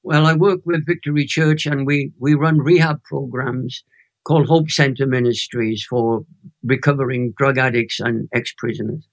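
An evangelist from Wales in his eighties, speaking at a moderate pace in a mid-range voice, tells a personal faith story as a guest in a chat interview. His storytelling is animated, emphatic and emotional.

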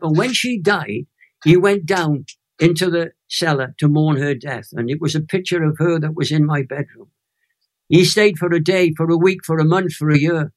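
A Welshman in his eighties telling a personal testimony as an interview guest, lively and emphatic, building to emotional high points. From Wales. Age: 80s. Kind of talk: animated storytelling testimony.

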